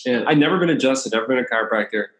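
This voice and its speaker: Chatty and rapid-fire, a chiropractor from the Washington, D.C. area relaxes into stories about his past in a casual interview, laughing between anecdotes. His middle-pitched voice carries a noticeable room echo.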